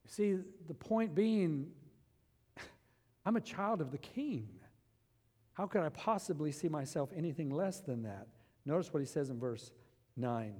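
A man pastor preaching a sermon, animated, swinging from loud passages to hushed ones. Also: on the high side, long reverb tail.

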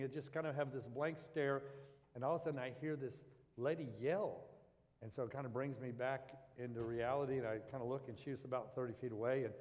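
A man preaching as pastor, talking in a loose, conversational way with restarts and asides. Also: mid-range voice. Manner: conversational, rambling storytelling with restarts. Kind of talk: sermon. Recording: long hall reverb.

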